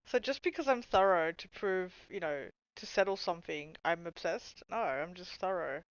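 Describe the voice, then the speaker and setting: A woman's voice: fairly low pitch, animated, normal speed, no room sound. A woman livestreaming, thinking aloud while searching, laughing a lot and swearing freely. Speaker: livestreamer reading chat. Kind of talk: casual livestream chat.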